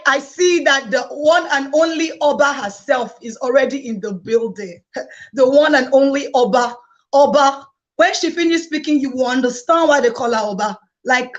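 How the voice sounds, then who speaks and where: A woman hosting a live-streamed conference with exuberant energy, hyping the crowd and repeating phrases. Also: sits high. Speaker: conference host. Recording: dull lo-fi sound.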